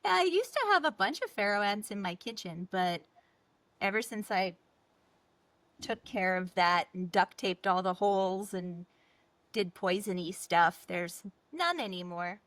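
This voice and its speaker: A woman co-hosting a podcast, talking in a relaxed, conversational way in casual chat. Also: medium pitch, measured pace, no room sound. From Canada. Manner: relaxed conversational, short reactions. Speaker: podcast co-host.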